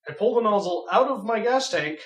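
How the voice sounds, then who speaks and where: A young man casually telling a funny story on a podcast, animated and laughing as he goes. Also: high voice, fairly quick. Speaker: podcast co-host. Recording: echoey room, far from mic.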